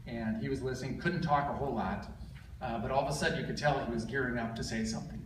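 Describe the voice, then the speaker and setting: A middle-aged man delivers his father's eulogy at a funeral, pausing often to gather his words and leaning on gentle humor. His voice is of ordinary pitch. It carries from a distance through an echoey hall, with a steady hiss of background noise. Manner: halting, with frequent filler pauses and gentle humor. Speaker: son giving a eulogy.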